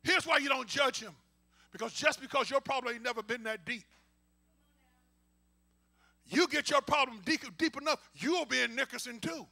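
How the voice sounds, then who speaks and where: A male pastor preaching a call-and-response sermon, swinging from quiet asides to shouting and talking to the congregation informally. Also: very high-pitched, moderate pace, vocal fry, pauses often. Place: church.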